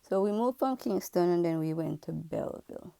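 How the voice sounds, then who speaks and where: A woman's voice: lowish voice, animated, fairly quick, gravelly, warm tone, no echo. A woman from Jamaica who works as a pharmacist, telling her own story to camera in a frank, earnest, reflective way. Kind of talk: candid personal storytelling to camera.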